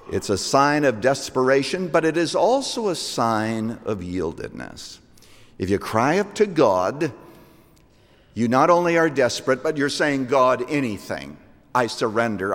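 A man preaching a sermon, slow and emphatic, rising to loud peaks and dropping to hushed lines. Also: medium pitch. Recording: long hall reverb.

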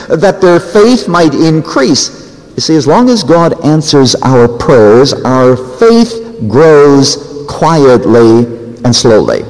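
Man preaching a sermon, very lively pitch, expressive, long church reverb. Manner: expressive preaching, acts out quotes with big pitch swings. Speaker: pastor. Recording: reverberant hall.

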